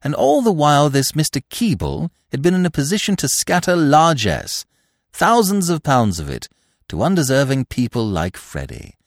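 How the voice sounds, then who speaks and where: Animated male storyteller, dry close sound. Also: fairly high pitch, moderate pace, no echo. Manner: lively, expressive storytelling. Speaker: narrator. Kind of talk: scripted narration of a classic novel.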